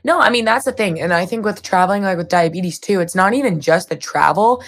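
A woman's voice: mid-range voice, animated, a little fast. A young woman co-hosting a podcast, chatting in an upbeat way with lots of filler words. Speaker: podcast co-host. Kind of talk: casual podcast chat.

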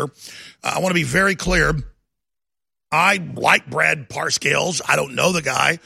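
A man's voice: on the high side, vocal fry, pushed and bright, husky, dry recording, clean studio sound. A middle-aged man hosting a political talk show, delivering an emphatic, ranting monologue. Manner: emphatic, ranting, restarts and rising intensity.

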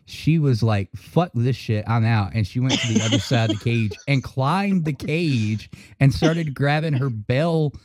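A man hosting a podcast in casual chat, telling animated stories full of swearing and frequent laughter. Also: medium pitch, measured pace, hardly any pauses, dry recording, clean studio sound. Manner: profane, laughing, animated storytelling. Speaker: podcast host.

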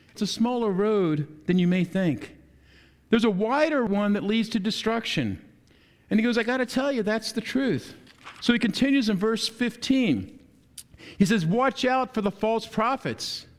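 A man preaching a sermon in a conversational way, rising for emphasis and dropping low at the ends of his points. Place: chapel or church hall. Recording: long hall reverb.

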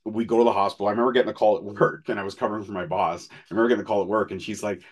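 A man's voice: fairly low pitch, steady tone, rapid-fire. A man in his thirties, a podcast co-host, telling personal stories in candid, profane, casual chat. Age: 30s.

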